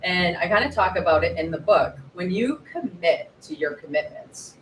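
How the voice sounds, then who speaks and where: A woman in her forties, an author guest, telling her story in a lively way at a live book event, acting out quotes. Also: on the low side, normal speed. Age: 40s. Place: bookshop event space. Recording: roomy echo, distant mic, faint noise.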